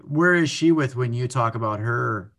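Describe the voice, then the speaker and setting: A man's voice: mid-range voice, moderate pace, fairly bright tone. A man interviewing a guest, rephrasing his questions as he goes.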